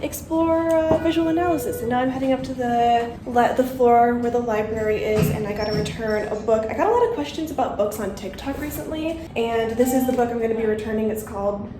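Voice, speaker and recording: A woman's voice: a little high, brisk, hardly any pauses, roomy sound, far from the mic, noisy background. A young woman chatting casually in a vlog, talkative and giggly, with lots of "like" in her speech. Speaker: vlogger.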